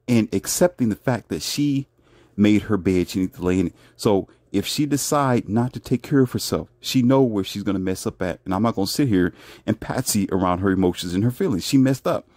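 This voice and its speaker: A man's voice: on the low side, darkish tone, dry recording, studio quality. A man giving relationship commentary in a blunt, brash, lecturing manner. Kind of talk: casual commentary monologue.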